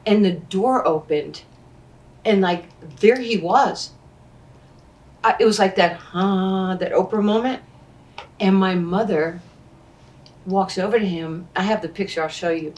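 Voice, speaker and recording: A woman, telling animated stories and acting out what people said. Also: medium pitch, unhurried, long pauses, recorded from a distance. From Queens, New York. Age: 60s. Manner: animated storyteller who acts out quoted dialogue. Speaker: interview guest, former basketball player. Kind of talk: storytelling in conversation.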